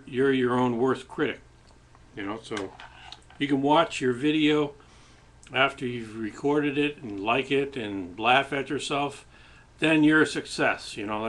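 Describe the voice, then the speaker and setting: A man with a mid-range, fairly bright voice hosts his own webcam show, eating as he muses in a casual, rambling way and keeps restarting his sentences. It's a relaxed, reflective monologue picked up by a webcam microphone.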